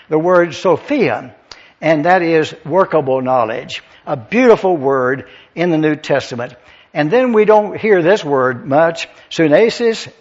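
A male pastor teaching scripture to an evening congregation, slowly spelling out words letter by letter so listeners can take notes. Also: fairly high pitch. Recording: dull lo-fi sermon recording.

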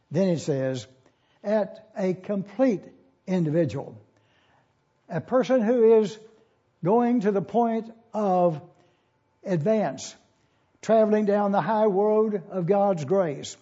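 Man, pastor teaching a sermon, high voice, very dark and husky tone, slow deliberate spelling-out, dull lo-fi recording. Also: expressive. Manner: slow, deliberate, spells out Greek words letter by letter.

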